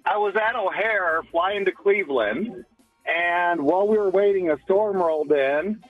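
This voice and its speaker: A man's voice: high voice, unhurried, dry recording, soft background music. A man calling in to a radio show, matter-of-fact and brief. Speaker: caller. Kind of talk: phone-in story. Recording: tinny phone line.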